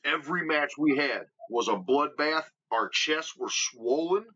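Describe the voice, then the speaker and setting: A man with a Midwestern American accent, guest on a podcast, telling stories in an animated, emphatic way and acting out what others said. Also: a little high, measured pace, husky. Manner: animated storyteller, emphatic, acts out quotes. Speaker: guest wrestler. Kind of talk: casual storytelling interview. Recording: dull lo-fi podcast audio.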